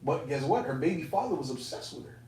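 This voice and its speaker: A man casually telling a personal testimony to fellow believers, animated and profane, with streetwise phrasing. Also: fairly high pitch, fast. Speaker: elder speaking to fellow believers. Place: indoor camp meeting room. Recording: roomy, distant mic, faint room noise.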